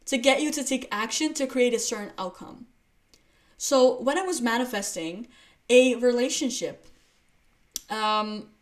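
A woman hosting a solo podcast, talking casually and explaining through playful everyday examples, with frequent restarts and fillers. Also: a little high. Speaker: podcast host.

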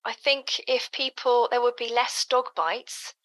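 A woman's voice: on the high side, fairly even intonation, a little slow, a bit bright, no echo. A woman co-hosting an interview, chiming in with short affirming remarks. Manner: affirming, brief agreeing remarks. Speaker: co-host. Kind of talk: interview chat.

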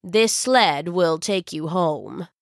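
A woman voicing a kindly old male wizard, Father Frost, speaking slowly and gently in a storybook. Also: animated, vocal fry, dry recording, clean studio sound, heavily acted. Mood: gentle. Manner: slow, deep, gentle and wise. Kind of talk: storybook voice acting.

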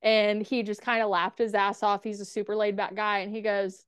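A woman's voice: mid-range voice, little pitch movement, normal speed, clean tone, dry recording. Candid swearing woman telling stories. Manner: candid, swears freely, quotes herself and others in dialogue. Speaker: podcast guest. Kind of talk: casual storytelling interview.

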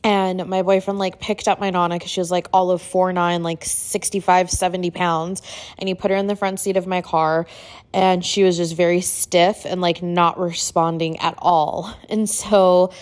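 A middle-aged woman hosting a podcast, casually telling a personal story, chatty and full of "like," getting animated when she quotes people. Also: lowish voice, moderate pace. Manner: chatty, filler-heavy, uses "like" often. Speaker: podcast host.

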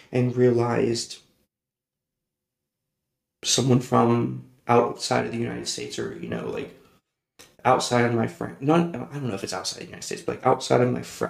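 Gravelly and medium in pitch, a man's voice carries a personal storytelling podcast that he hosts. He laughs frequently while rambling and correcting himself, and the audio has a roomy echo.

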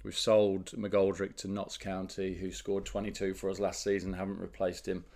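Chatty male podcast co-host, slightly low voice, easy laughter. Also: completely flat delivery, normal speed, gravelly, a little mellow. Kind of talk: casual chat.

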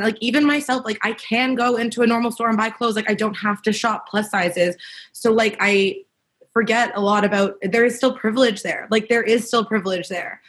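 A woman's voice: on the high side, a bit bright. Woman, casual panel chat, frank, filler-heavy, reflective. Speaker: podcast co-host.

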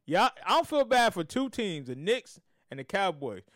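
A man co-hosting a casual sports podcast, animated and repeating himself as he trash-talks teams. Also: high voice, moderate pace, dry recording, studio quality. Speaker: podcast co-host.

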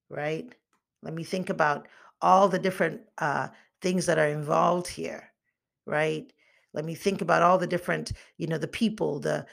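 A woman coach teaches in a lively, motivational way, voicing her own inner thoughts as she goes. Her voice sits a little low with a gravelly, fry-edged texture. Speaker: emotional intelligence coach.

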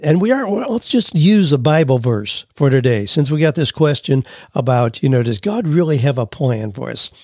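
A man's voice: medium pitch, animated, moderate pace, hardly any pauses, a little mellow, no echo, clean studio sound. A man hosting a career podcast, talking conversationally with frequent "you know" and "well", playing with how emphasis changes meaning. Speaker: podcast host. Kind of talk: casual podcast talk with emphasis play.

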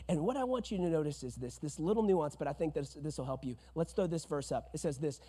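A male pastor preaching a sermon, swinging from hushed asides to shouted emphasis. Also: high-pitched, expressive, fairly quick, few pauses, in a large hall.

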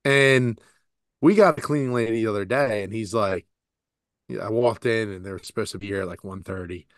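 A man's voice: fairly low pitch, fairly quick, dry recording, studio quality. A man in his forties co-hosting a podcast, telling stories in a rambling, laughing, profane way. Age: 40s. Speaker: podcast co-host. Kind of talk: casual chat.

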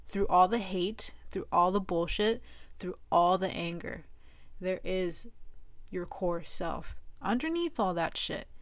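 A woman's voice: lowish voice, lively intonation, slow pace, no echo. A young woman talking to her own camera in a candid personal monologue, casual and slangy, swearing a lot for emphasis. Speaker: vlogger.

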